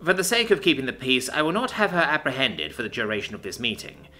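A woman's voice: rumbling low, huge pitch swings, fairly quick, pushed and bright, soft background music, full character voice. A man voicing a stern, authoritative woman president in her forties. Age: 40s.

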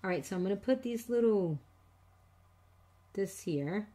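A warm, medium-pitched voice belongs to a middle-aged woman hosting a papercraft tutorial. Animated yet unhurried, she chats with her audience and cracks self-teasing jokes about nervous errors during this casual demo.

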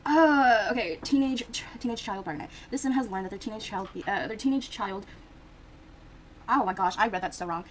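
A woman's voice: medium pitch, brisk, a little hiss or hum, rough recording. A woman giving casual, rambling gameplay commentary, full of fillers and restarts. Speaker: gaming video creator.

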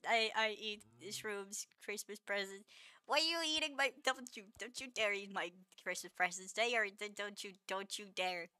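A woman's voice: medium pitch, normal speed, sharp tone, clean tone, dry recording. A woman streamer chatting casually with her viewers, laughing often and playfully scolding them.

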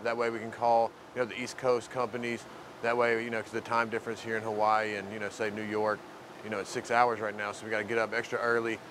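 A man's voice: fairly low pitch, monotone, fast, fairly bright tone, slight background noise. A man from the mainland talking loosely in an interview about his work with the program, rambling and leaning on filler phrases. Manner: loose, rambling, leans heavily on "you know". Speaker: program resident and volunteer. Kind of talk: casual interview talk.

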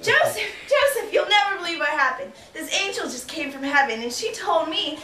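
A woman's voice: very high-pitched, expressive, a little fast, bright, forceful tone, a little hiss or hum, full character voice. A woman comedian playing a sassy, crude young Mary in a live one-woman sketch, talking in a brash, giggly, exaggerated way. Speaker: stand-up comedian. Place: stage before a live audience. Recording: distant roomy live stage with audience laughter.

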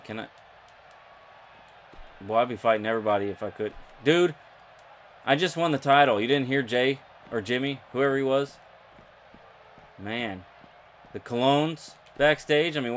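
Excitable young man playing a game. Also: mid-range voice, slight background noise. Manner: excitable, jokey, talks to viewers. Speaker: gaming YouTuber. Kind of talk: let's play commentary.

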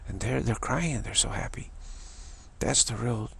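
A man giving an informal spiritual talk, halting and repeating himself, often sinking into a whisper. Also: medium pitch, animated, gravelly, a bit bright, a little hiss or hum. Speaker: spiritual speaker.

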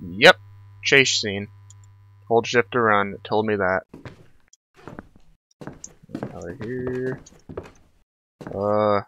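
A young man commentating his own horror game playthrough, muttering nervously while exploring and yelling in panic when chased. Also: fairly low pitch, slow pace, lo-fi sound, noisy background. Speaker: gaming channel host.

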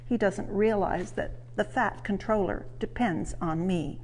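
A woman's voice: medium pitch, a little slow, darkish tone, big-room sound. A woman voicing a small, cheeky, impatient male tank engine in a children's storybook reading, with bossy, huffing sing-song calls. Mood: cross.

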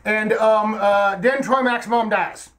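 A man's voice: a little slow, a bit bright. A man playing Kelvin, a dim-witted young film fan who rambles with broken grammar and stammered restarts. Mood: dopey. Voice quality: very high goofy voice. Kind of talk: comedic character sketch.

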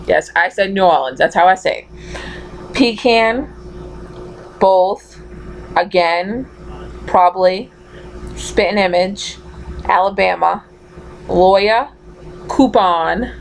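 A woman's voice: medium pitch, slight background noise, rough recording. Chatty woman with a thick Massachusetts accent. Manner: chatty, laughs often, reads questions aloud. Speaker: vlogger. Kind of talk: casual accent tag video.

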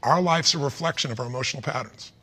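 A man's voice: medium pitch, fast talker, bright, forceful tone, husky. A man giving an emphatic motivational talk, firing rhetorical questions at the listener. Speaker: motivational speaker.

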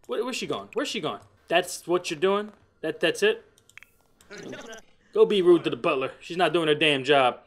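A man's voice: a little high, lively intonation, normal speed, fairly bright tone. A man giving rambling, profane commentary over a life-simulation game, often mocking its characters. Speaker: gamer. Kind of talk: profane Let's Play commentary.

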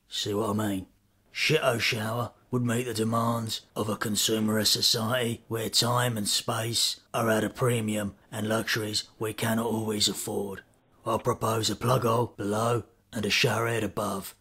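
A man delivering a mock-serious comic monologue in a deadpan, grandly formal manner. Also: fairly low pitch, moderate pace, slightly rough.

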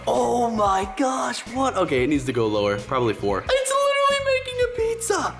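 Excitable male vlogger, lively voice. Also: a little high. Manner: excitable, exclaiming often. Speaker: vlogger host. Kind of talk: excitable casual vlog chat. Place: indoors at home. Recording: echoey room, faint music.

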